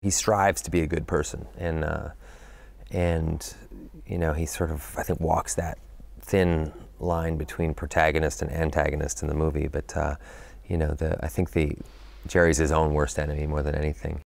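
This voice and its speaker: A middle-aged man speaks in a very deep, rough, fry-laden voice, giving a press interview about a film he acted in. He thinks aloud, circling back and filling gaps with "you know" as he searches for the right words. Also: flat delivery, moderate pace, a little mellow, dry recording.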